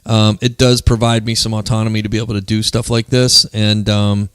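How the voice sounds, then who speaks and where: A man's voice: fairly low pitch, little pitch movement, fairly quick, a bit bright, smooth, no echo. A man hosting a casual podcast conversation, telling stories in a chatty way and filling his talk with "man" and "you know.". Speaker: podcast host and co-founder of a men's mental health group.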